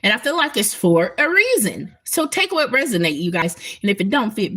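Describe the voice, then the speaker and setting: A woman's voice: medium pitch, sing-song, normal speed, bright, forceful tone, breathy edge. A woman talking emphatically and bluntly to her viewers in a casual spiritual livestream, swearing freely. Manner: emphatic, profane, talks straight to viewers.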